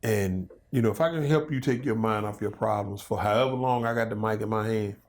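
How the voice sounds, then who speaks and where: A man in his fifties, a comedian and guest, telling stories in a loose, animated way in a casual interview chat. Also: fairly low pitch, fairly quick. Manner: animated storytelling, loose and conversational.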